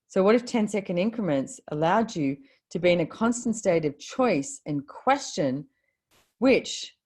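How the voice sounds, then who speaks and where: A woman's voice: low-pitched, warm tone. A woman hosting a live video call, giving a chatty motivational talk with casual swearing. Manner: chatty, swears casually, quotes her own thoughts.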